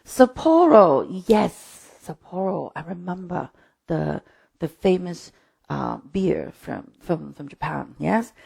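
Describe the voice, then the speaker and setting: Female dance instructor, low mellow voice with a gravelly edge, chatty, counts steps out loud. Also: sing-song, takes it slowly. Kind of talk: live-streamed dance class. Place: home.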